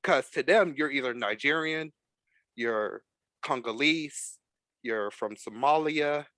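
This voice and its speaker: A man hosting a casual podcast chat, talking in an animated, emphatic way. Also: mid-range voice, slow pace, no room sound. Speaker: podcast host.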